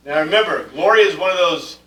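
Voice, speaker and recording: A man's voice: a little high, fast talker, sharp tone. Man lecturing from far off in an echoey room. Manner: conversational, with many fillers and restarts, questioning the class. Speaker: bible class teacher. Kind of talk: classroom lecture on Greek word meanings.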